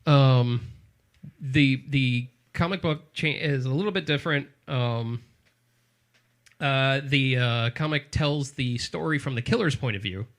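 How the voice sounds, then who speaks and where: A man hosting a casual movie podcast, talking in a rambling, halting way with many fillers. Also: medium pitch, fairly bright tone. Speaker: podcast host. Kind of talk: casual chat about movies.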